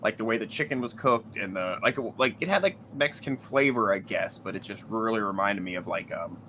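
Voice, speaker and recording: A man with a somewhat low voice chats loosely on a podcast. He rambles, laughs often and fills his sentences with "like". Faint noise sits under the recording. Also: lively intonation, brisk, sharp tone. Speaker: podcast co-host. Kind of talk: casual chat.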